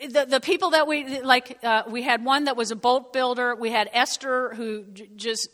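A woman pastor preaches in a bright, fairly high voice, conversational and lively, drawing call-and-response from her congregation. Her words ring out with the long reverb of a large hall. She speaks like she's talking with friends from the pulpit. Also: moderate pace. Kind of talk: sermon.

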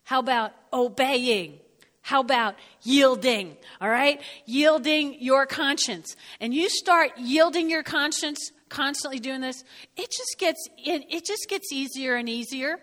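A middle-aged woman from North Jersey with a New Jersey accent, giving an animated sermon and often checking in with her listeners. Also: sits high, unhurried, big-room sound. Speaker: speaker. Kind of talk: sermon with personal storytelling.

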